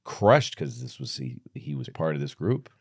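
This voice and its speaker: Deep-voiced man in his fifties, podcast guest, blunt profane storyteller, dry close mic. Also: very animated, moderate pace, breathy edge, dry recording. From United States. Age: 50s. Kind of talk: casual chat.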